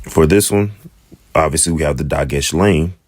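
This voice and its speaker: A man from the United States with an African American English accent and a rumbling low voice teaches the Hebrew alphabet. The lesson is casual, and he slowly repeats each letter's sound.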